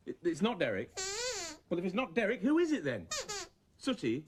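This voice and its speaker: A woman's voice: lowish voice, wildly swooping pitch, normal speed, long pauses, crowd noise. A woman presenting a children's show, playfully teasing and exclaiming at her puppets. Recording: clear tape hiss from old VHS.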